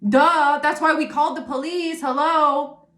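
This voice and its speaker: A woman's voice: sits high, fairly even intonation, a little slow, fairly bright tone, reverberant. A woman giving a casual tarot reading monologue, blunt and profane, with indignant asides. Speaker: tarot reader.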